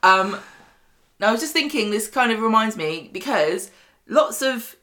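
A woman's voice: on the high side, lively intonation, normal speed, pushed and bright. A British woman co-hosting a podcast, chatting casually with dry, teasing quips. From United Kingdom. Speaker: podcast co-host. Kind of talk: casual chat.

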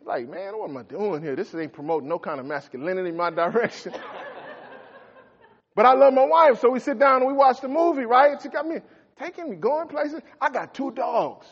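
A middle-aged man preaching a folksy sermon as a pastor, swinging between shouts and quiet asides. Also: very high voice, lively intonation, brisk, a little hiss or hum. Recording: echoey hall, dull lo-fi sound.

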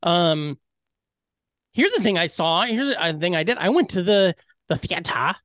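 A man's voice: high voice, sing-song, measured pace, fairly bright tone, no echo, clean studio sound. A man co-hosting a podcast, telling rambling, profane comic stories in casual chat. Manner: rambling, profane, jokey storyteller. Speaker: podcast co-host.

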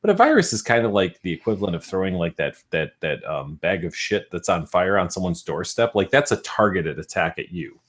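Man, very low pitch, husky, wisecracking casual podcast chat. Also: sing-song, brisk, hardly any pauses. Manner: joking, wisecracking. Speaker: podcast co-host.

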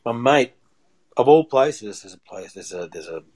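A man's voice: medium pitch, lively intonation, normal speed, darkish tone, poor audio. A man, a chef chatting as a podcast guest and telling rambling stories with many restarts. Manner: rambling, repeats and restarts phrases. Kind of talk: casual storytelling chat.

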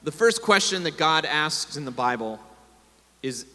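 Man preaching, slightly high voice, congregation hall with long echo. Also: big pitch swings, measured pace, sharp tone. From America. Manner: preaching with call-and-response to the congregation. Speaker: pastor. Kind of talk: sermon.

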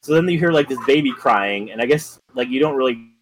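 A man's voice: medium pitch, animated, fairly quick, a little hiss or hum, rough recording. A man co-hosting a podcast, casually retelling a story in a rambling way, full of ums and likes. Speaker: podcast co-host.

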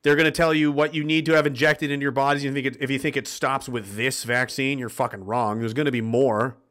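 A man speaks fast in a steady, mid-range, fairly bright voice while hosting a livestream. He reads viewer messages aloud and rants about politics bluntly, impassioned and swearing freely.

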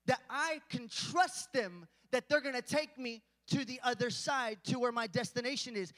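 A man's voice: very high voice, animated, normal speed, few pauses, a bit bright, no echo, big-room sound. A man preaching a casual, conversational sermon, joking with the congregation and rising to emphatic points.

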